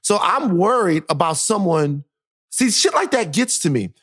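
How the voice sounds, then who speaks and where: A man's voice: sits high, sing-song, unhurried, a bit bright, slightly rough, dry recording, clean studio sound. A man co-hosting a podcast, telling a story in casual chat and acting out the quotes with animation. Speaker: podcast co-host.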